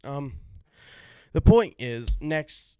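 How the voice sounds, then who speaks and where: A man chats casually on his practice vlog, rambling and thinking aloud with self-deprecating asides. His voice is smooth and resonant, sitting at an ordinary pitch for a man. The sound is dry and close. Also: big pitch swings, drawn-out words, dark tone, dry recording. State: out of breath between playing. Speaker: drummer vlogging his practice.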